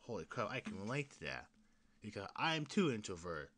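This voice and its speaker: A young man talks through his solo podcast in a bright, forward voice with lots of bounce in his pitch. He rambles, laughs, restarts sentences and curses freely. He swings from excited outbursts to mumbled asides. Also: moderate pace. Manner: rambling, laughing, swearing, with many restarts and sudden loud bursts; excited fan talk that drops to mutters and whispers. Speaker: podcast host. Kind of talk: casual solo podcast chat.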